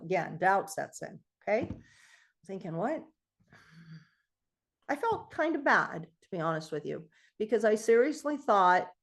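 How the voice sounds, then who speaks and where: A middle-aged woman telling a personal story to a group, animated and acting out the voices of the people in it. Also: mid-range voice. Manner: animated storytelling, acts out quoted voices, laughs often. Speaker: guest speaker on self-healing.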